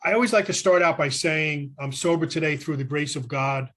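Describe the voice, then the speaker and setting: A man's voice: on the high side, brisk, few pauses, a bit bright. A man with a Brooklyn accent giving an earnest, rambling personal share at a recovery meeting over a video call from a hotel room, often restarting his sentences. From New York City.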